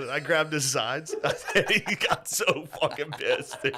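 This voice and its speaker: A man's voice: mid-range voice, normal speed, bright, forceful tone, slight background noise. A man in his thirties co-hosting a podcast, telling family stories in casual chat, swearing and laughing as he goes. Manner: profane, laughing storyteller, mimics family. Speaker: podcast co-host.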